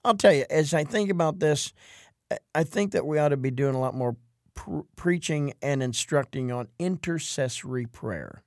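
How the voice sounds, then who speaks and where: A man co-hosting a religious talk show, speaking thoughtfully and haltingly, with many restarts and "you know"s. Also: on the high side, dry recording, studio quality. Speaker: co-host. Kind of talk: casual religious discussion.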